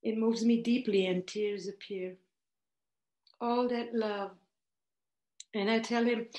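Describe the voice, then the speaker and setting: Slow, heartfelt woman. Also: fairly high pitch, fairly even intonation, a little mellow. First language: German. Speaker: storyteller. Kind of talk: reading a personal story aloud. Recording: roomy echo.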